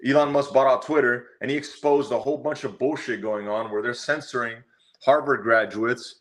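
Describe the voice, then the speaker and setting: A man's voice: mid-range voice, moderate pace, a bit bright. A man being interviewed as a guest fighter, talking bluntly and rambling with lots of swearing. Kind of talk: casual interview chat.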